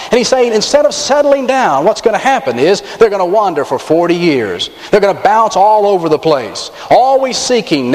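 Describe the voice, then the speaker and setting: Lively pastor in a reverberant sanctuary. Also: male voice, sits high. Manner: animated preaching with dramatic emphasis and wry asides. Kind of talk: sermon. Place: church sanctuary. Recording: long reverb of a large sanctuary.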